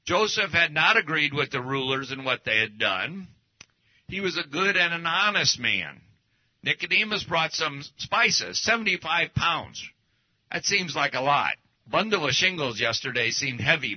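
A man's voice: a little high, expressive, moderate pace, slightly rough. A man preaching a casual teaching sermon, folksy and anecdotal, talking through slides as he goes. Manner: folksy, anecdotal, speaks while showing slides. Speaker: pastor. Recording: dull lo-fi recording.

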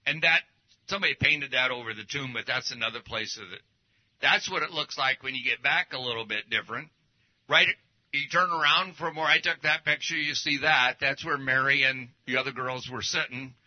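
In a mid-range voice, a little fast, a pastor delivers a laid-back teaching sermon alongside his slides. He tells folksy stories throughout, and the audio is dull and lo-fi.

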